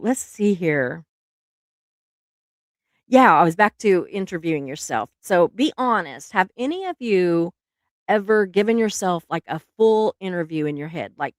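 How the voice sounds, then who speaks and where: A woman's voice: lowish voice, no room sound, clean studio sound. Chatty giggly woman in her fifties. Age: 50s. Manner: chatty, giggly, with frequent laughs and restarts. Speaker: livestream host. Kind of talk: casual chat with live viewers.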